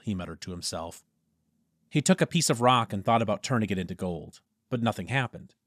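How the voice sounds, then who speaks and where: A man reading a story aloud as audiobook narrator, dropping low on speech tags. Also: lively intonation, brisk, fairly bright tone, dry recording, studio quality.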